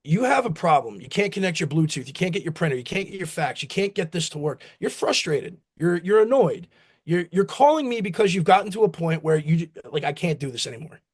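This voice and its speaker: High-pitched and animated with a breathy edge, this man talks fairly quickly. An American company founder, he rambles through stories in a laid-back interview, acting out quotes from his family.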